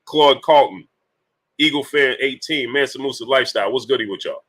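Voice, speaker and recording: A man's voice: medium pitch, brisk, fairly bright tone, low-quality recording. A man hosting a casual boxing talk livestream, greeting viewers by name between his points, with many fillers.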